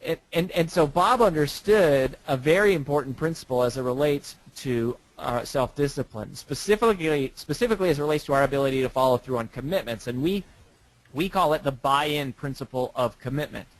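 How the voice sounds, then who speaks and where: Male guest author, mid pitch, dry close sound, chatty storyteller who restarts his words. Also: brisk, no room sound, low-quality recording. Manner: storytelling, repeats words when starting. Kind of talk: casual interview talk.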